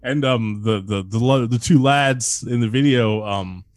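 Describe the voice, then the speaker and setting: A man's voice: medium pitch, unhurried, dry recording. A man chatting casually as a podcast co-host, rambling and swearing a lot as he jokes. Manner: rambling, profane, jokey. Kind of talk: casual chat.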